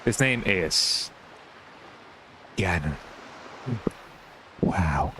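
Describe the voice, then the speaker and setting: A man's voice: low-pitched, lively intonation, very slow, pushed and bright, a little hiss or hum, pitched below the performer's own voice, full character voice, poor audio. A man voicing a wise old talking boat who guides the hero, in a grave, stately way. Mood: solemn. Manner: grave, stately storybook delivery.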